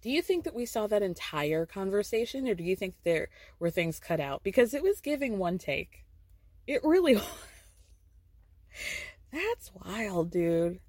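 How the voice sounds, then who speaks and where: A woman's voice: mid-range voice, sing-song, measured pace, darkish tone, dry recording. A woman hosting a podcast, recapping a TV show in casual chat, blunt, swearing freely and chuckling often. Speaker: podcast host.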